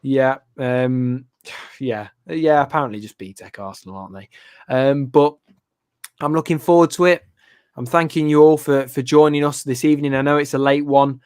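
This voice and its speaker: A man's voice: mid-range voice, normal speed, a little mellow, clear, resonant tone, no room sound, clean studio sound. A man hosting a casual football podcast, chatty and joking as he teases his co-hosts. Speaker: host.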